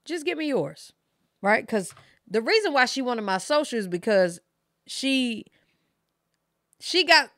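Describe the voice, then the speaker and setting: A woman in her thirties talks straight to her viewers in a casual story-time style, candid and full of profanity. Her voice sits at an ordinary pitch for a woman, and the recording is dry with no room echo. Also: a bit bright. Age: 30s. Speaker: reaction channel host.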